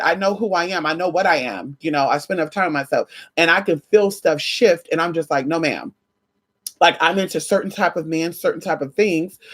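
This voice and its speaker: Animated, profane woman vlogging about spiritual energy. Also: husky. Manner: animated, profane, acts out quoted exchanges with big pitch jumps. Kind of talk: casual spiritual chat to camera.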